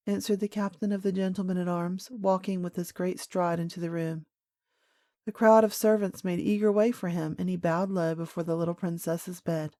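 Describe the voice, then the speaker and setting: A woman narrating a classic children's audiobook in a clear, measured storytelling voice. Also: fairly low pitch, steady tone, dark tone, dry recording, clean studio sound.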